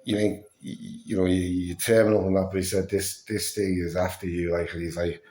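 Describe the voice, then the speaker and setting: A man's voice: deep voice, flat delivery, a little fast, a little mellow, reverberant. A man telling a story in a casual vlog, swearing often, sounding fatigued and acting out what others said. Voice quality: breathless, fatigued. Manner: swears a lot, acts out quoted dialogue.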